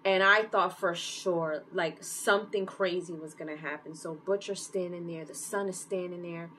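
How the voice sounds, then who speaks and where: A woman giving a casual, animated recap of a TV episode, full of fillers and open emotional reactions. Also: on the low side, measured pace, slight background noise, poor audio. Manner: animated storytelling with many fillers. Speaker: TV series reviewer.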